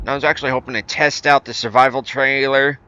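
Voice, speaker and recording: A male game streamer talks loosely to his viewers, wandering through thoughts with frequent restarts and fillers. His voice is bright and forward with a smooth, clean tone. He is easygoing and pokes fun at himself. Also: mid-range voice, little pitch movement, quick pace, highs cut off. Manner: rambling, with many fillers and restarts; easygoing and self-deprecating. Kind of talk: casual gameplay commentary answering chat.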